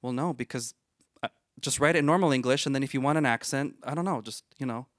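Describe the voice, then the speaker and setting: A man on a film panel, telling a story about his own work in a candid, animated way. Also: medium pitch, quick pace. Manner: candid, animated, recounts with emphasis. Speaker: actor, panelist.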